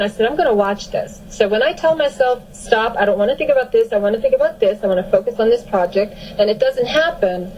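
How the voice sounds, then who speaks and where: A woman telling a personal story in a casual, animated and emphatic way. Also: a little high, slight background noise, low-quality recording.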